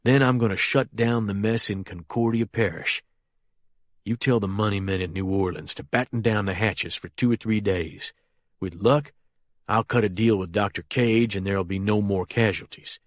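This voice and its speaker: A man reading as a menacing younger male crime boss, speaking low and quietly controlled in an audiobook. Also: normal speed, no echo, studio quality, lightly acted. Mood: commanding.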